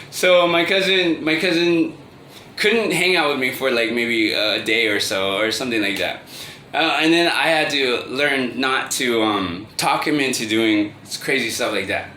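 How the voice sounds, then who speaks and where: A man telling a personal story in a casual, halting way, full of restarts and fillers and often breaking into laughter. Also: medium pitch, sharp tone. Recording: echoey room with faint ambient noise.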